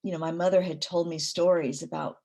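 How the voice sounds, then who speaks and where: A middle-aged woman poet talking in a reflective conversation, thoughtful, with many pauses and fillers and easy laughter. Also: fairly low pitch, steady tone, creaky, mellow. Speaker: poet, interview guest.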